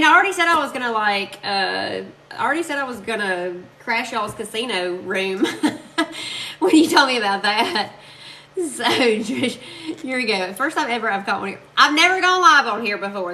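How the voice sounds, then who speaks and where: A woman's voice: fairly high pitch, sharp tone. A woman from Alabama with a Southern accent, chatting casually with viewers while she crafts on a live stream, laughing often and reading out their comments. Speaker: crafting livestream host.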